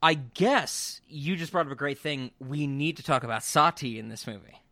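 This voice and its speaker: A man co-hosting a casual film podcast, excitable and rambling, swearing freely as he talks. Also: fairly high pitch, moderate pace, no echo, clean studio sound. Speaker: podcast co-host.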